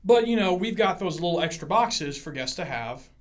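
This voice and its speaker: Profane, animated young man storyteller. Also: sits high, moderate pace. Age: 20s. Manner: profane, animated, acts out customers in retelling. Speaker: podcast host. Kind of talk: casual chat, storytelling.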